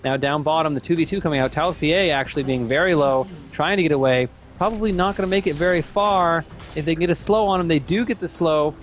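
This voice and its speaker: A man giving steady play-by-play commentary on a competitive video game match. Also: on the high side, slight background noise. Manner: rapid, steady play-by-play calling. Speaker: esports commentator.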